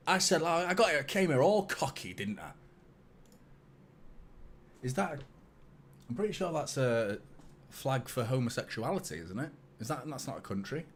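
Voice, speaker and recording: A young man with a mid-range voice hosts a fan live stream, with slight background noise. During the watchalong he chats casually with viewers, swears freely and pokes fun at himself.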